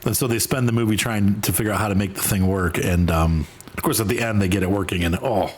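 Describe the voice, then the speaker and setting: A man's voice: lowish voice, fast talker, slight background noise. A man hosting a game stream, chatting casually and rambling between tasks, sometimes jumping into exaggerated voices. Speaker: gaming streamer host. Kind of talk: casual chat while playing a game.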